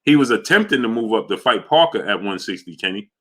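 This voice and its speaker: A man hosting a casual boxing livestream from New York, reading super chats and shouting out viewers by name in loud bursts. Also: on the low side, animated, quick pace.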